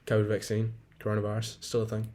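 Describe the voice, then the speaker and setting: Young guy in his 20s hosting a solo podcast, low-pitched, loose and profane, rambling and venting. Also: completely flat delivery, fast, mellow. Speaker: podcast host. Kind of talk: casual solo podcast monologue.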